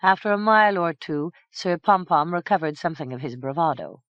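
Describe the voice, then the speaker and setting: A woman reading a fantasy novel aloud in a measured, even storytelling manner. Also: lowish voice, no echo, lo-fi sound. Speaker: audiobook narrator. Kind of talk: scripted narration.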